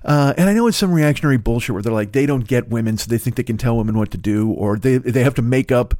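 A middle-aged man rants profanely as a comedy podcast host, exasperated and scoffing. His voice sits at an ordinary male pitch. The recording is dry and close. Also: quick pace, warm tone, no echo.

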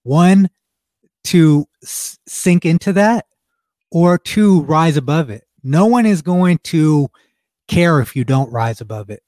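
A man co-hosting a casual podcast chat, his voice sitting fairly high but mellow and dark in tone. He talks bluntly and with emphasis, cursing now and then. The sound is dry and close. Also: expressive, takes it slowly, no echo. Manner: blunt, emphatic, swears freely. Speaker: podcast co-host.

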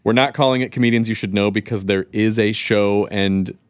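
A man hosting a podcast in casual chat, animated, swearing freely and laughing often. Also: lowish voice, a little fast, no echo, studio quality. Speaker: podcast host.

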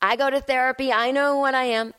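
This podcast host, recording in her apartment, spins a self-mocking comic tale and acts out both speakers. Her high, pushed, bright voice is smooth, fairly even in intonation, and a little fast.

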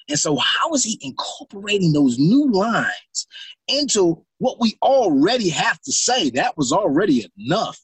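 A man's voice: high voice, very animated, a little slow, slightly rough, dry recording. A middle-aged man, an actor, telling stories in an interview and acting out his own reactions. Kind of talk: interview storytelling.

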